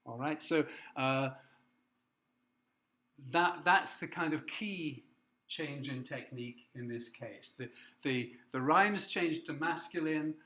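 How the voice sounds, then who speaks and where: A man giving a literature lecture, explaining patiently, often checking in with his listeners and reading lines of verse aloud slowly. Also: medium pitch, fairly bright tone. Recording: echoey room.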